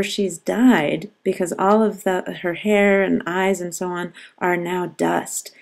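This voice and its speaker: A woman teaching poetry over slides, explaining terms and slowly reading poems aloud. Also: medium pitch, gravelly, mellow. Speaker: literature teacher. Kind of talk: educational narration over slides.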